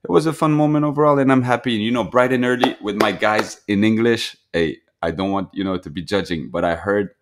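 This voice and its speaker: A man co-hosting a casual football podcast, relaxed and chatty, dropping British slang. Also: on the low side, fairly quick, hardly any pauses. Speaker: podcast co-host. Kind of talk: casual chat.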